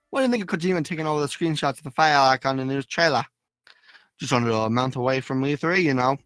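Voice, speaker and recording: A man's voice: a little high, fairly bright tone, no room sound, pitched above the performer's own voice. A man putting on an exaggerated fake Australian accent as a male podcast listener. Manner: overdone and mock-formal.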